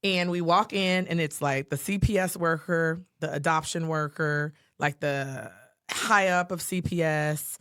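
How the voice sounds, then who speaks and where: A podcast co-host telling a personal story in a lively way, acting out the quoted lines. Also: medium pitch, unhurried, few pauses, clean tone, no echo, studio quality. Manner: animated storyteller who acts out quotes, with many fillers.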